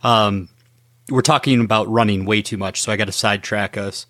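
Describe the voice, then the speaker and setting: A man hosting a casual podcast interview, asking relaxed, rambling questions. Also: on the low side, fairly quick, no echo, clean studio sound. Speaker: podcast host.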